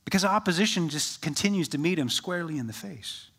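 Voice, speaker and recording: A man preaching a sermon as pastor, rising with energy, then dropping to a soft, slow hush for quoted words. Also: a little high. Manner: shifts from lively to soft and slow when quoting Jesus.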